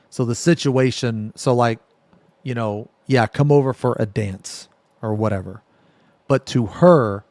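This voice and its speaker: A man's voice: mid-range voice, a little mellow, no echo. A man streaming, giving blunt, profane, heated reaction commentary in casual talk.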